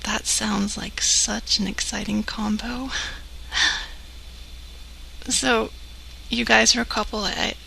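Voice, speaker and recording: A breathy, coy flirt leaves a slow, teasing voicemail, as a woman puts her on. Her voice is bright with a gravelly edge. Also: a little high, flat delivery, a little hiss or hum, exaggerated voice, rough recording. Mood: flirty. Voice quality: breathy, half-whispered. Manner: coy and teasing, with soft giggles.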